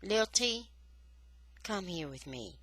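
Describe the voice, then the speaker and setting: A woman doing a soft-spoken weary father. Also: medium pitch, big pitch swings, slow, husky, dry recording, studio quality, exaggerated voice. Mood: quiet, weary.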